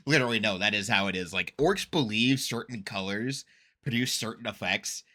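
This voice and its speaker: Excitable man with a bright, sharp voice. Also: lowish voice, normal speed. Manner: excitable, laughs a lot, swears casually. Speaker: reaction streamer. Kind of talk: casual reaction commentary.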